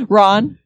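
Une femme qui explique les règles d'un jeu sur un ton joueur, voix moyenne, son sec. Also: female voice, medium pitch, no room sound, rough recording. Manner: explaining rules, playful. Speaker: podcast co-host. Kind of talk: casual chat.

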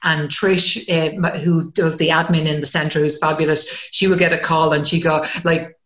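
A woman's voice: low-pitched, normal speed, reverberant. A woman, a community counsellor talking frankly in casual chat and swearing when she gets worked up. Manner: frank and animated, swears freely.

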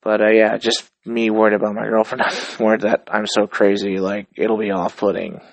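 Man, 30s, solo host; relaxed, profane, reflective ramble; dry recording. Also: on the low side, normal speed, dry recording, poor audio. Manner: loose, profane, reflective and upbeat. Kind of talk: casual rambling monologue.

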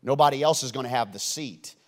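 A man's voice: medium pitch, a little fast, in a large hall, close to an everyday voice. A man voicing a possessive, boastful ancient king during a sermon, defiant and insistent.

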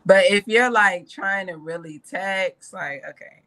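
A woman's voice: medium pitch, measured pace, bright, forceful tone. A woman co-hosting a casual group chat, blunt and profane as she argues her point.

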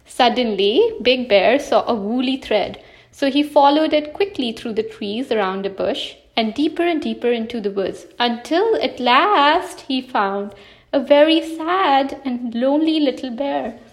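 A woman reading a children's picture book aloud with expressive, animated delivery. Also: sits high, unhurried. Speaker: storyteller. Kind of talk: storybook read-aloud.

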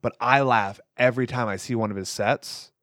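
A man's voice: medium pitch, normal speed, no room sound, studio quality. Profane, rambling young man on a podcast. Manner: animated storyteller, profane and rambling. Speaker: podcast co-host. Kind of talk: casual conversation.

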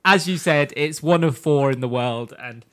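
A man's voice: fairly high pitch, normal speed, smooth. A man co-hosting a casual podcast, recapping episodes, swearing and laughing often. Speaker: podcast co-host.

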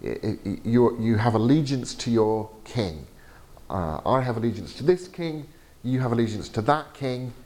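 A man lecturing to a class in a halting, chatty way, with many fillers and restarts. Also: mid-range voice, animated, a little mellow. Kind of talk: teaching session. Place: lecture room.

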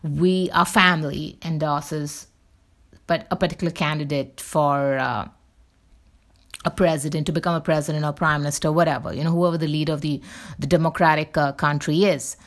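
Rambling chatty woman, fairly low voice. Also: steady tone, normal speed. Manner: rambling, many fillers and restarts; candid, chatty. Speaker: show host. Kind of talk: casual solo talk.

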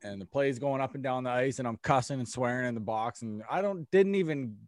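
Young man, casual storyteller, profane and animated, dry close sound. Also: mid-range voice, fairly quick, dry recording. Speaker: storyteller among friends. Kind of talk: casual chat.

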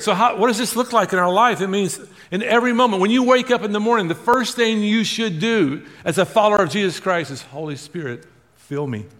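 A male pastor preaching a sermon to a congregation, drawing responses and swinging from loud emphasis to hushed. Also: high voice, long reverb tail.

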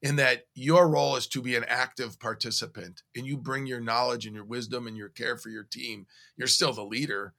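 A man co-hosting a podcast, telling stories in a casual, animated way. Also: medium pitch, a little fast, gravelly, hardly any pauses. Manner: animated storyteller, recounting conversations. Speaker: podcast co-host.

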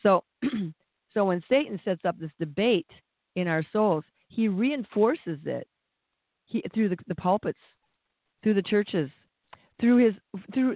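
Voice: mid-range voice, measured pace, no room sound. A preacher giving a conversational sermon, plain-spoken, with restarts and acted-out voices. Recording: tinny phone-like dry sound.

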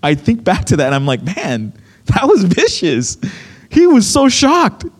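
Lively, high-voiced man preaching. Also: unhurried. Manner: animated storytelling, acts out quotes. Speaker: pastor. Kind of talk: sermon.

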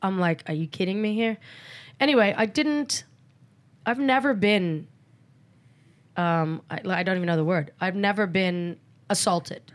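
A woman's voice: medium pitch, a little slow, long pauses. Frank woman in an interview. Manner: candid and frank, acts out quoted exchanges. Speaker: podcast guest. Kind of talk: casual interview chat.

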